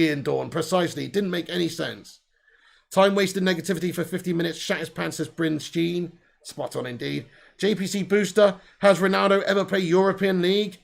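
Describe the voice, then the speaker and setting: High gravelly man ranting. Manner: blunt and sweary, reading out viewer comments. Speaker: football watch-along host. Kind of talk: live stream chat reading comments.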